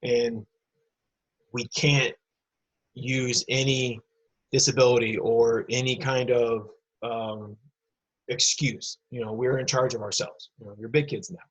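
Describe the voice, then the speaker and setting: A man's voice: medium pitch, flat delivery, slow pace, husky, muffled recording. A male teacher recording a remote lesson for students, explaining patiently and addressing the kids directly. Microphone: computer mic.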